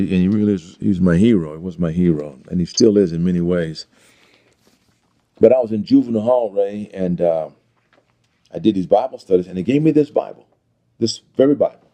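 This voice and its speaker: A low-voiced man with a gravelly, dark tone tells his life story as an interview guest in a personal testimony. He is earnest and reflective, speaking haltingly with fillers.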